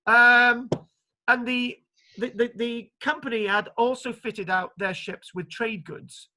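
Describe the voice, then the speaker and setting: A man delivers an online archaeology lecture with a bright, clear-toned voice. He talks in an animated, joking way, full of fillers and restarts. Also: extremely high pitch, slow.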